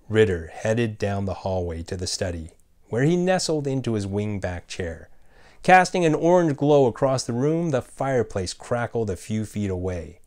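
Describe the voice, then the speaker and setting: A man narrating a scripted ghost story in a measured way and voicing the characters himself. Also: on the low side, very animated, darkish tone.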